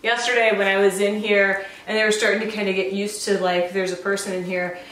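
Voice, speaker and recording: A woman's voice: flat delivery, brisk, a bit bright. Chatty woman with puppies, roomy far mic. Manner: chatty, coos at puppies in high baby talk. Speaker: dog breeder showing a puppy litter. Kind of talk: casual vlog chat. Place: indoor room with the puppies. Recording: roomy, distant camera sound.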